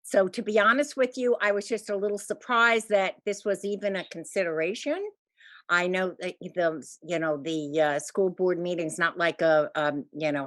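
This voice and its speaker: A woman's voice: fairly low pitch, a bit bright. A woman giving a short public comment at a committee meeting, hesitant with many fillers yet firm in her objections. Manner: hesitant, apologetic, firm in position.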